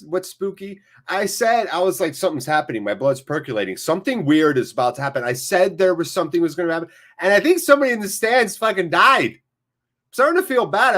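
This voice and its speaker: A man hosting a live football watchalong, commentating and joking excitably and swearing freely. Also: high-pitched. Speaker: watchalong host. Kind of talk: live match commentary and chat.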